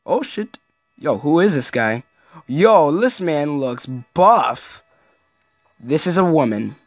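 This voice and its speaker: Excitable man commenting on a game. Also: a little high, slow pace, dry recording, faint music behind. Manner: excitable, swears, says yo and dude a lot. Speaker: gaming video host. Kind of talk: casual let's-play commentary.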